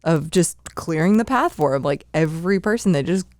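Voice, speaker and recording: Lowish-voiced relaxed woman co-host. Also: brisk, dry recording, clean studio sound. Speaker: podcast co-host. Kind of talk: casual movie discussion.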